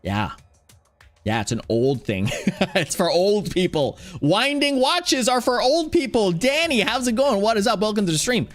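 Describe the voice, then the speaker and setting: A playful male streamer rambles through a casual livestream chat in a slightly high voice, reading chat aloud and bursting into excited shouts. Faint music plays softly behind him. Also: normal speed. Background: faint background music.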